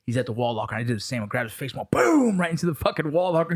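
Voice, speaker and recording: A man in his thirties hosting a podcast, telling stories casually, animated and full of profanity. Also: a little high, very fast, few pauses. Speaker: podcast host. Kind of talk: casual conversation.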